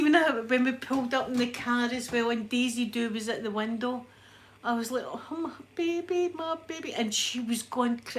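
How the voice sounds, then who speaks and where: A woman with a Glaswegian accent chatting to live viewers in an animated way, a little breathless as she recovers from illness. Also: fairly high pitch. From Scotland. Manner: chatty, animated storyteller, reads out chat names. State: a bit breathless after illness. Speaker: livestream host. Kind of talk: casual chat with live viewers.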